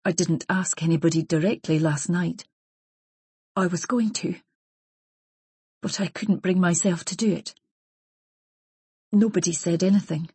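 A woman reading the part of a remorseful former school bully who speaks hesitantly and quietly, in an audiobook. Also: sits low, steady tone, normal speed, breathy edge, dry recording. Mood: shaken. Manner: hesitant, subdued, ashamed. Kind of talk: audiobook character voice.

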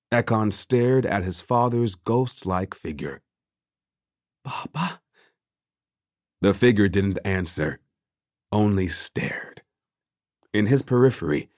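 A man narrating a work of fiction in a measured, deliberate way. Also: fairly low pitch, dry recording. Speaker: audiobook narrator.

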